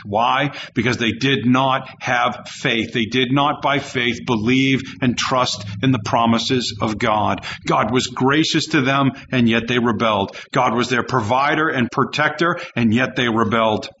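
A man's voice: mid-range voice, fairly bright tone, muffled recording, a little hiss or hum. A male pastor preaching a sermon with an emphatic, repetitive cadence.

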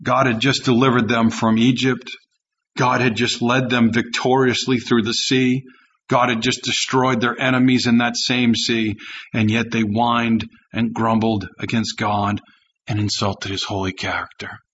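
A man's voice: mid-range voice, flat delivery, unhurried, a bit bright, muffled recording, slight background noise. A male pastor preaching a sermon with an emphatic, repetitive cadence.

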